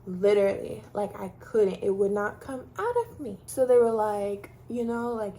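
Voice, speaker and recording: A woman's voice: medium pitch, fairly even intonation, moderate pace, few pauses, warm tone, a little hiss or hum. A woman from Texas telling her own story casually to camera, chatty, with many fillers like "like" and "um". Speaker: vlogger sharing her story.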